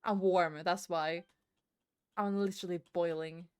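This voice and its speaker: A woman's voice: fairly low pitch, fairly even intonation, a little slow, darkish tone, clear, resonant tone. A woman streaming a game from her room at home, ranting in exasperation, swearing and repeating herself. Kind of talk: live-streamed gameplay commentary. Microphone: desk mic at the computer.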